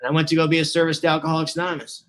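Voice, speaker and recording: Guy in his 40s rambling through his story, kinda high voice, lots of um and you know. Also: monotone, racing, a bit bright. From Southern California. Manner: casual, rambling, many fillers and restarts. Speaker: recovery meeting speaker. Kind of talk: personal recovery talk. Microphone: online meeting.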